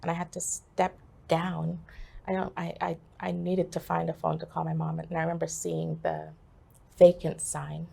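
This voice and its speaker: A woman telling a personal story as an interview guest, halting and full of pauses and fillers. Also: on the low side, level tone, vocal fry, dark tone, slightly rough. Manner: halting, with many fillers and restarts.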